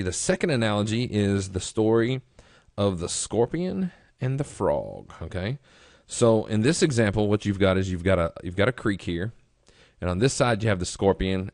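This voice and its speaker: A man's voice: on the low side, a little mellow, dry recording, clean studio sound. A man teaching traders at a live seminar, telling stories and asking rhetorical questions. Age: adult. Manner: conversational storyteller, rhetorical questions. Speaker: trading educator. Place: room with a live audience.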